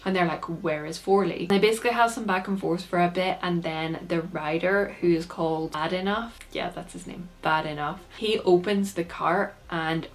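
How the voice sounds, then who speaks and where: Chatty woman, lowish voice. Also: normal speed, few pauses. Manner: chatty, peppered with "like". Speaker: book reviewer. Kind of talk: casual plot recap.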